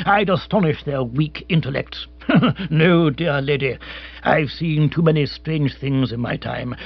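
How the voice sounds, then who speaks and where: A man's voice: a little high, creaky, slightly rough, lo-fi sound, heavily acted. A man reading an audiobook, voicing a hearty middle-aged ex-colonial hunter who talks in a blustering, clipped, gallant way.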